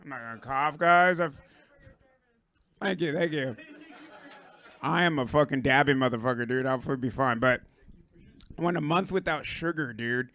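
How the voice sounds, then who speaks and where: A hoarse Puerto Rican-born man doing a rambling, profane stand-up set on a club stage, riffing with the crowd. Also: medium pitch, normal speed, long pauses, sharp tone. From Puerto Rico. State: hoarse, lost his voice. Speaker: stand-up comedian.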